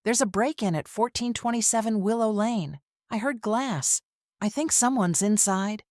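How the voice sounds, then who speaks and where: A woman voicing a frightened young wife who fakes panic, speaking high and pleading. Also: moderate pace, darkish tone, no echo, studio quality, lightly acted. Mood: panicked.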